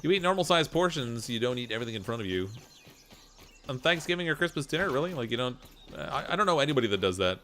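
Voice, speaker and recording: A man in his forties with a slight Canadian accent, chatting casually while streaming a game, relaxed and chuckling, with many fillers. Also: mid-range voice, quick pace. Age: 40s. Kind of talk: casual gameplay stream chat.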